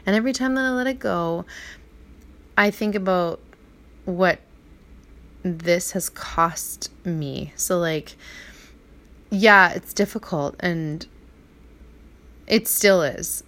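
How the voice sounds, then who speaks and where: A woman's voice: lowish voice, slow pace, pauses often, a bit bright. A woman in her thirties talking through a heartfelt, rambling personal monologue at home, full of restarts and "like". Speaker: vlogger. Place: apartment at night.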